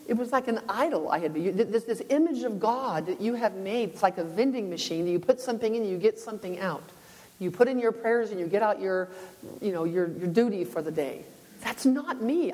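A woman's voice: fairly high pitch, animated, brisk, a little mellow. A woman giving a conversational sermon, telling her own story earnestly with many restarts. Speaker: speaker sharing a testimony. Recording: long hall reverb.

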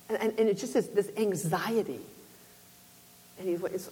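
A woman's voice: mid-range voice, fairly quick, dark tone. A woman giving a conversational sermon, telling her own story earnestly with many restarts. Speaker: speaker sharing a testimony. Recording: long hall reverb.

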